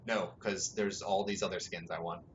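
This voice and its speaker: A young man with a fairly low voice hosts a casual gaming podcast, rambling and swearing in a relaxed way. The sound is dull and lo-fi with a faint hiss behind him. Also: moderate pace. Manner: relaxed, rambling, swears freely, laughs often. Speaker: podcast host.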